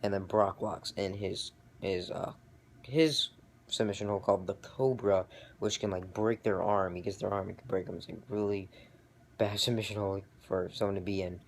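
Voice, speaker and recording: Rambling young man with a low voice. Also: moderate pace, vocal fry, slight background noise. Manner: rambling, excitable, lots of fillers and restarts. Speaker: vlogger reviewing wrestling. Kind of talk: casual recap.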